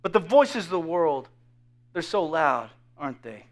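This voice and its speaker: A man with a fairly high voice preaches an animated, earnest sermon. He restarts his phrases often and repeats words as his thoughts run ahead. When he quotes a whisper, his voice sinks to a soft hush. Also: a little slow. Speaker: pastor.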